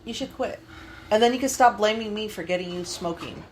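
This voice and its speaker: A woman's voice: mid-range voice, brisk, noisy background. A woman co-hosting a podcast in casual chat with friends, blunt, swearing freely and laughing often. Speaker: podcast co-host.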